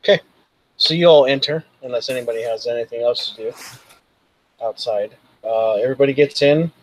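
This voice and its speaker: A man's voice: mid-range voice, a little fast, rough recording. A man narrating as game master, loosely and with many fillers. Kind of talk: narrating a tabletop role-playing game.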